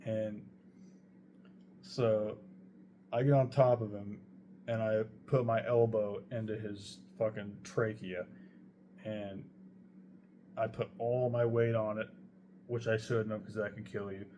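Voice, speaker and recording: Young man, low voice, mellow tone, casual rambling anecdote, lots of swearing. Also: level tone, slow, long pauses, a little hiss or hum. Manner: profane, rambling, heavy swearing. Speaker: storyteller. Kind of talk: casual true-story telling.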